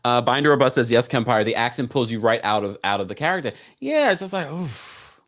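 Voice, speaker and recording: A man's voice: medium pitch, big pitch swings, brisk, a bit bright. A man hosting a live recap stream, chatting casually, reading viewer comments and laughing between remarks. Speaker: live recap show host.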